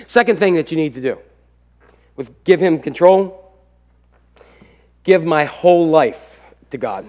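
Animated high-voiced male pastor. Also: unhurried, pauses often. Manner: animated storytelling, acting out family quotes. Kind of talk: sermon with personal storytelling.

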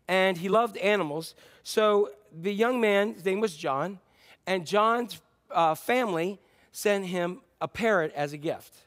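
Conversational preacher man, fairly high voice. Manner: storytelling, conversational, with fillers and restarts. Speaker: pastor. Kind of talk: sermon.

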